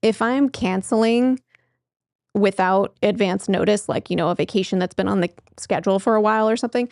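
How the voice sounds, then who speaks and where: A woman's voice: mid-range voice, brisk, a little mellow, no echo, studio quality. A woman therapist in her thirties talking casually to camera, chatty with frequent laughs and fillers. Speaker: therapist and show host. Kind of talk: casual explanatory talk to camera.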